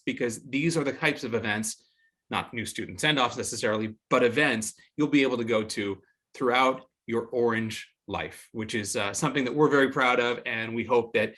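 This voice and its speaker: A middle-aged man hosting a virtual alumni event, speaking in a welcoming, measured way. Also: medium pitch, fairly bright tone.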